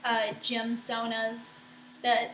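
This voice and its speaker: A woman's voice: a little high, monotone, drawn-out words, fairly bright tone, slight background noise. A young woman chatting casually and giggling often as she answers viewers during a live baking stream at home. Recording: roomy echo with faint music.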